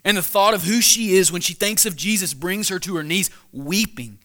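Bright-voiced young man preaching casually. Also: high-pitched, moderate pace. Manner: casual, conversational preaching with many restarts and rhetorical questions. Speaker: pastor. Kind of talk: sermon.

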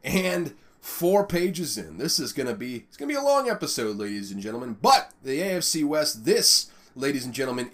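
A man's voice: mid-range voice, sing-song, fairly quick, hardly any pauses. A man hosting a solo football podcast, talking energetically with frequent fillers, stumbles and asides. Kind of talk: solo sports analysis talk.

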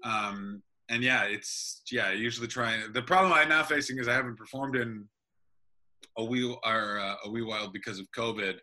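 A comedian talking casually over a video call, telling stories in an animated, self-interrupting way. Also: male voice, medium pitch, moderate pace. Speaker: comedian guest.

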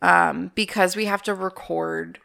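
A woman co-hosting a relaxed podcast, with a soft, smooth voice that has a bright, clear edge. She chats easily and wanders off on tangents, then circles back. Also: fairly low pitch, a little slow. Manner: chatty, goes off on tangents. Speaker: podcast co-host. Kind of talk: casual chat.

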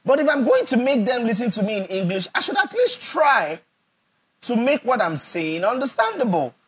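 This man's voice is extremely high, with wildly swooping pitch, a moderate pace, and a fairly bright tone. He's a Nigerian pastor delivering an emphatic sermon, repeating phrases for effect and frequently questioning the audience to make sure they follow.

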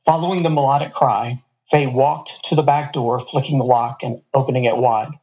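Brief: male storyteller, mid-pitched voice, relaxed reading with casual asides. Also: moderate pace, lo-fi sound. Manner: casual asides between passages.

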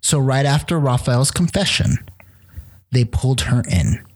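A man telling a true crime story on a casual podcast, animated and acting out the quotes. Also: medium pitch, unhurried. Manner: animated retelling with acted quotes and casual swearing.

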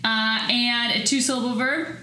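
A woman's voice: on the high side, steady tone, normal speed, bright, forceful tone. A woman hosting a podcast, leading a casual word game with an upbeat, giggly manner. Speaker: podcast host. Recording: roomy echo, faint noise.

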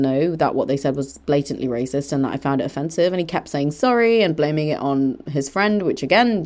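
Young female podcast host, a touch low-pitched, chatty and animated, recording from her bedroom. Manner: animated, mimics others in quoted lines. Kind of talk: casual storytelling monologue. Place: bedroom at home.

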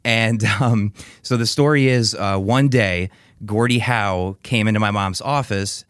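A man in his twenties from Connecticut, a guest telling a story in a casual, animated way, laughing often and restarting phrases. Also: on the low side, measured pace, no echo, studio quality. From Connecticut, USA. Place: TV station studio.

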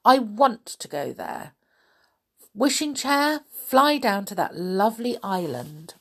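A woman's voice: mid-range voice, very animated, slow, slightly rough, voice pushed up, full character voice. A woman voicing an obstinate, dreamy young girl in a storybook reading, pleading and stubborn.

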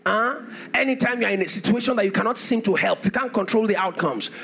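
Male pastor, fervent sermon delivery; bright, gravelly tone. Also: high-pitched, quick pace. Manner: fervent preaching, repeats key phrases, builds to shouts.

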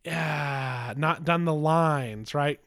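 Male podcast co-host, a bit high-pitched, rambling and profane, slips into mocking voices. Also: drawn-out words, fairly bright tone. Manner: rambling, profane, mocks others in quoted voices. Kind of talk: casual chat.

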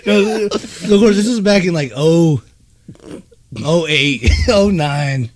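A man in his thirties, co-hosting a podcast, talking crudely and laughing through animated stories. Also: on the high side, slow pace, crowd noise. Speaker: podcast co-host. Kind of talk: casual chat.

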